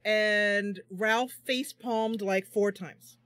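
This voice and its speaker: A woman hosting a livestream, talking in an excitable, giggly, expressive way as she plays a fantasy game at home. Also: medium pitch, takes it slowly, dry recording. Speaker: streamer and host. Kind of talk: livestream gameplay commentary.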